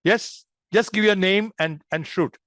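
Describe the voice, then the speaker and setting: A man's voice: sits high, measured pace, a bit bright, no echo, studio quality. A man leading an online public speaking workshop, demonstrative and addressing the group as friends.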